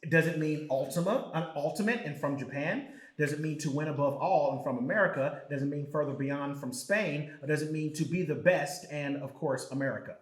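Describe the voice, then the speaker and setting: A man hosting a trivia game on a podcast, animated and joking. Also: on the high side, a little fast, reverberant. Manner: animated, laughing, loose and joking. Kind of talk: casual podcast chat.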